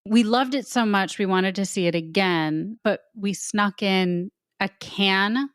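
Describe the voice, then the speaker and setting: A woman's voice: medium pitch, measured pace, smooth, no room sound, clean studio sound. A woman co-hosting a casual chat, telling rambling stories with many restarts. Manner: chatty, rambling storyteller with restarts. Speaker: co-host.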